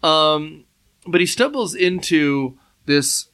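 A man on a podcast talks through an old spy film in a loose, animated way, swearing freely as he goes. His voice is bright and forceful and sits a little high for a man. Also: takes it slowly, clean tone. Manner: animated, acts out gangster lines, swears casually. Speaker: podcast co-host. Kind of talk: casual film discussion.

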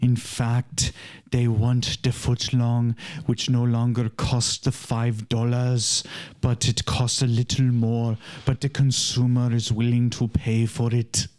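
A man's voice: medium pitch, monotone, darkish tone, lightly acted. A man doing a solemn German filmmaker narrator. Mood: grave. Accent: German (put on). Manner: slow, solemn, portentous delivery.

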